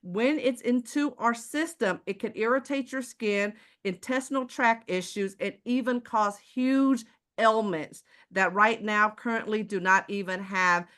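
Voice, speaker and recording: A woman with a Texan country accent hosts a live online sales presentation, her voice sitting at an ordinary middle pitch for a woman. She speaks emphatically and keeps turning to her viewers with rhetorical questions. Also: measured pace, fairly bright tone. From Houston, Texas. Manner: emphatic, rhetorical questions, addresses audience directly.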